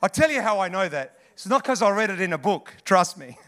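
A male pastor preaches in a high, bright voice. He talks to the congregation in a lively, chatty way and calls out to the room as he goes. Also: fairly quick. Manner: animated, conversational preaching with asides to the congregation. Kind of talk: sermon.

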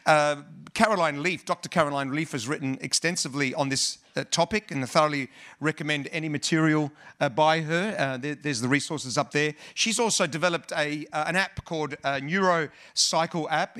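A man's voice: a little high, bright, forceful tone. A man preaching a sermon, opening with a prayer and then talking in a conversational way, with many fillers and restarts. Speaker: pastor.

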